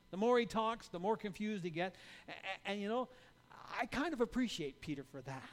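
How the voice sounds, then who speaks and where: High-voiced man preaching conversationally. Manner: conversational, rhetorical "right?" asides, stammered restarts. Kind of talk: sermon.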